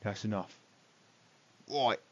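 A man's voice: lowish voice, slow pace, fairly bright tone. A man voicing a greasy, cocky male thug boss who sneers and bullies, and trips over his words. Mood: sneering. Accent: northern city accent of the game world. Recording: dull lo-fi recording.

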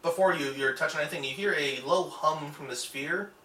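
Halting game master with a bright voice. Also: male voice, on the high side. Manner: halting, many fillers while describing. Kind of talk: narrating a tabletop game. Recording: echoey room, far from mic.

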